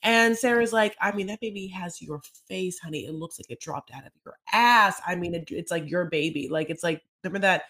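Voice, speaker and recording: A woman's voice: on the low side, fairly quick, hardly any pauses. A woman co-hosting a podcast, recapping a reality TV episode in casual chat and acting out the people in it. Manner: animated, acts out scenes in voices. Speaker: podcast co-host.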